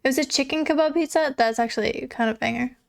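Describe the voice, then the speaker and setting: A young adult woman livestreamer with a high, creaky voice talks fast as she reads viewer messages in casual chat. She swears freely and laughs often.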